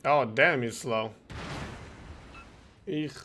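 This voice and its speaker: A man from Croatia chatting casually while streaming a game, animated and joking, swearing and laughing often. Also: medium pitch, drawn-out words, a little hiss or hum. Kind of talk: casual gameplay chat with chat replies.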